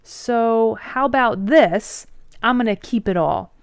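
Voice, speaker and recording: A woman's voice: a little high, slow pace, gravelly, clear, resonant tone, dry recording, clean studio sound. A woman voicing a defiant male national leader in a flippant, slangy, offhand way.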